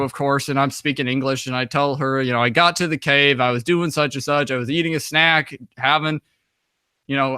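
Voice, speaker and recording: Bright-voiced young American man rambling. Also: fairly high pitch, smooth, no echo, clean studio sound. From United States. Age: young adult. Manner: rambling, with many fillers and restarts; acts out quoted dialogue in conversation. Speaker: interview guest. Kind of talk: casual storytelling.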